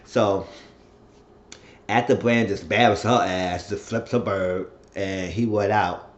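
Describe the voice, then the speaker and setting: A man with a fairly low voice recaps a TV episode in a loose, chatty way, building up animation as he retells the scenes. The recording sounds dull and lo-fi. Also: steady tone, slow pace. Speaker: TV show recap vlogger.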